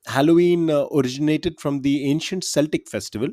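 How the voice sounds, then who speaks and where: A man's voice: a little high, a little fast, dark tone, no echo, studio quality. A man co-hosting a quiz podcast, chatting casually and laughing often.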